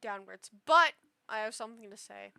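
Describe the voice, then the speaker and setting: A woman's voice: mid-range voice, animated, moderate pace, creaky, sharp tone, smooth, no room sound, clean studio sound. A tipsy woman rambling emotionally with many restarts while giving casual reaction commentary on online posts. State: tipsy after two shots. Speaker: streamer reading online posts.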